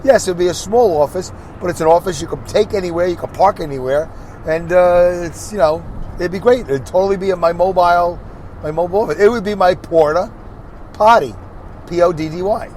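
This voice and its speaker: A truck driver in his sixties hosts a rambling solo podcast from inside his car as he drives, faint road and car noise underneath. His voice sits high, quick and a little mellow as he jokes and argues back at imagined critics.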